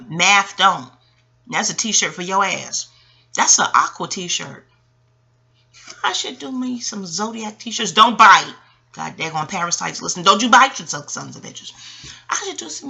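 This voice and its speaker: A woman in her forties, an astrologer talking in a casual, rambling monologue, animated and profane with laughing asides. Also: medium pitch, creaky, slightly rough. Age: 40s.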